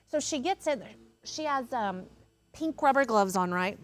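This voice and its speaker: A woman's voice: a little high, unhurried, soft background music. A woman co-hosting a craft video, chatting casually and acting out voices as she tells a story. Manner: animated storyteller, acts out quotes. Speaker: craft channel co-host. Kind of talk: casual chat.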